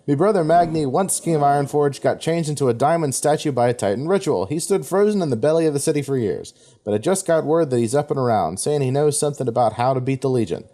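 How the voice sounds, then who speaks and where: A man's voice: a little high, lively intonation, fast talker, mellow, pitched above the performer's own voice, close to an everyday voice. A man reading a dwarf's lines from a game in his own voice, plainly and earnestly.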